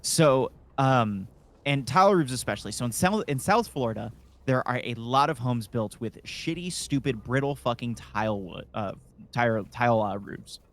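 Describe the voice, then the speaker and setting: Medium in pitch and fairly bright, this man's voice has lively intonation at a moderate pace. Chatting casually on a gaming stream, he tells a drawn-out work story laced with swearing and filler words.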